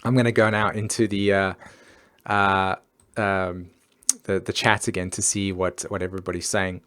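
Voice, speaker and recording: A man's voice: low voice, flat delivery, moderate pace, fairly bright tone, clear, resonant tone. A man hosting an astrology live stream, talking earnestly and casually with many fillers and restarts.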